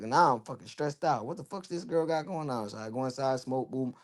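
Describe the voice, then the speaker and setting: A man's voice: fairly high pitch, a little fast, few pauses. A young man, a podcast guest telling his own story in a loose, candid way, full of "you know" and "bro". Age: young adult. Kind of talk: casual storytelling in a podcast interview.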